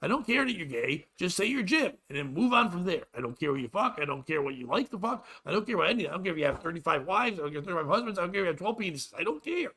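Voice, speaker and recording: A man hosting a comedy podcast, ranting in a loud, exasperated and profane way. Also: sits high, very animated, very fast, few pauses. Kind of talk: crude comedic rant.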